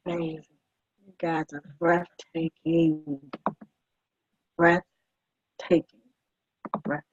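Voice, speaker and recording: Woman coach, very slow, affectionate, dull dry call audio. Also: lowish voice, level tone, dry recording. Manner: affectionate, effusive, repetitive. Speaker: life coach. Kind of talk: affirming group coaching. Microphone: video call.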